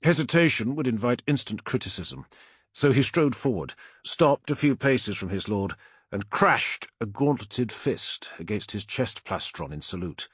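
Husky man narrating an audiobook. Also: mid-range voice, expressive, measured pace, a bit bright, no room sound, clean studio sound. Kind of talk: scripted narration.

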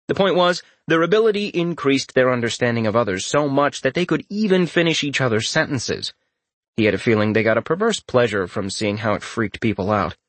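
Male narrator, mid pitch, dry studio sound, wry fantasy audiobook reading. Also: fairly bright tone, dry recording.

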